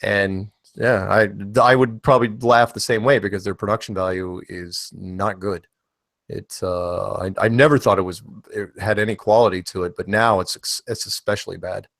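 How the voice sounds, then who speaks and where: A man's voice: on the low side, fairly even intonation, moderate pace, vocal fry, fairly bright tone, dry recording. An American man hosting an online panel chat, rambling and joking in a casual way. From United States. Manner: rambling, joking, self-deprecating.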